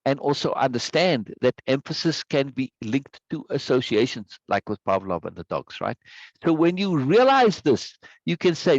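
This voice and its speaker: A man's voice: medium pitch, expressive, normal speed, darkish tone, no echo, dull audio. A man teaching a live online course, talking conversationally, repeating words for emphasis and often checking in with "right?". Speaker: course instructor. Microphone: video call microphone.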